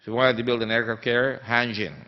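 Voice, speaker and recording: A man's voice: medium pitch, flat delivery, fast talker. A man from the Philippines, giving a conference talk that he tells as an emphatic story, with many fillers. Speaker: guest speaker. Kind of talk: anecdotal conference speech. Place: conference hall. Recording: dull sound in a reverberant hall.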